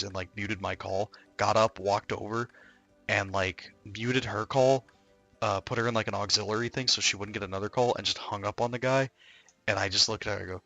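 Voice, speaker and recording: A man's voice: fairly low pitch, fairly even intonation, brisk, creaky, pushed and bright, faint music behind. A man chatting casually on a stream, telling long stories full of fillers. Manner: rambling storyteller, many fillers. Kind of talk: casual chat.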